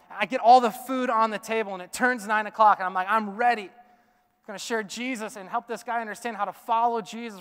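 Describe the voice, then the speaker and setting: A male pastor telling a story in a sermon, animated and chatty with lots of fillers, in a church sanctuary. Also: high voice, clean tone, long reverb tail.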